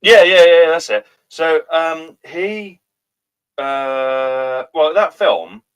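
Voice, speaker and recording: A man's voice: on the high side, very slow, clear, resonant tone. A man co-hosting a comedy show, bantering casually with hesitant ums. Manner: hesitant, full of ums, laughs easily.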